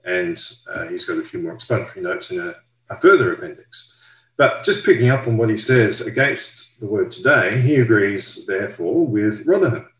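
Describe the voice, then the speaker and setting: Measured man teaching Bible study. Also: fairly low pitch, animated, fairly bright tone, echoey room, poor audio. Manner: measured, careful, explaining step by step. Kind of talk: explanatory Bible study talk.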